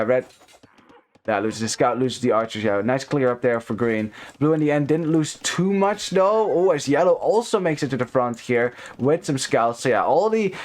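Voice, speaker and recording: A man casting a strategy game live, chatty with many fillers, greeting chat viewers between plays. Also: mid-range voice. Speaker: esports caster.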